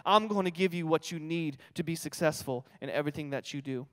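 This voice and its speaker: Brief: firm, reassuring divine voice put on by a man, pitched high, echoing through a large hall. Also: brisk, lightly acted. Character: God as a reassuring, commanding guide.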